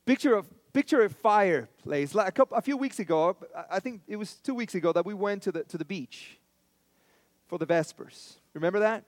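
Pastor guy giving a sermon, pretty high voice, dry close sound, chatty storytelling with lots of repeats. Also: expressive, fairly quick, dry recording. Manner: conversational storytelling with repeated emphasis.

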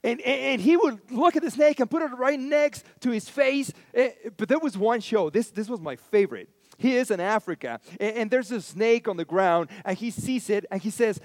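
A man's voice: high voice, lively intonation, normal speed, no echo. A man preaching a sermon as pastor, telling stories in a conversational way and repeating lines for emphasis.

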